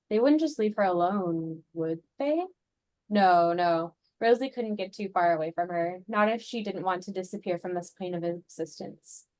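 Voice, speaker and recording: Woman, reads own story aloud, steady even delivery, mid-pitched voice. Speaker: workshop participant reading her story. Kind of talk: reading own fiction aloud.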